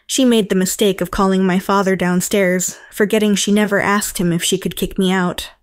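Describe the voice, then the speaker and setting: Woman, first-person narration, even, matter-of-fact, dry recording. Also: mid-range voice, normal speed, no room sound. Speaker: story narrator.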